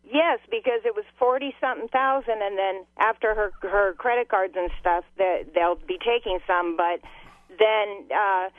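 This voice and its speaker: A woman calling in to a radio show by phone, hesitant and halting as she explains. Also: medium pitch, no room sound. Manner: hesitant, full of ums and restarts. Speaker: caller. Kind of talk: call-in radio question. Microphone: telephone. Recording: tinny phone line.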